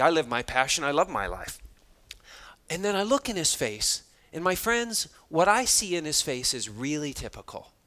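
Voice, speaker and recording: A man giving a motivational talk to students, telling stories in an animated way and acting out the dialogue with self-deprecating humor. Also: on the high side. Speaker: motivational speaker. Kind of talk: storytelling keynote talk to students.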